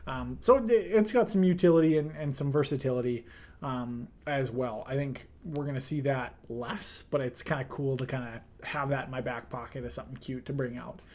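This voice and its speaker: A man's voice: mid-range voice, moderate pace, a little mellow. A man giving a casual review of his team, loose and chatty, with many "um"s and playful slang. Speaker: draft league team manager.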